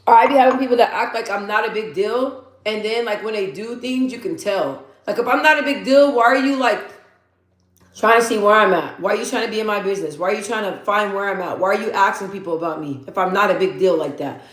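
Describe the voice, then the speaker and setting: A woman in her thirties hosts a laid-back livestream chat, speaking at a medium pitch and a quick clip. She spins stories, says things twice over for emphasis, and reads viewers' comments aloud. The room gives the recording a noticeable echo.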